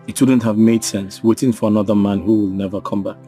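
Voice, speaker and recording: An actor playing a forgiving man who gently consoles a woman, in a Nigerian English accent. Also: lowish voice, fairly even intonation, fast, faint music behind, close to an everyday voice. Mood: consoling. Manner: gentle, soothing. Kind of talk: Nollywood film acting.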